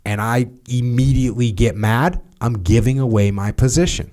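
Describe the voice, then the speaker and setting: In a podcast conversation, a former Navy SEAL leader from the United States discusses leadership steadily and matter-of-factly, with casual fillers. He speaks at normal speed with a medium pitch and few pauses.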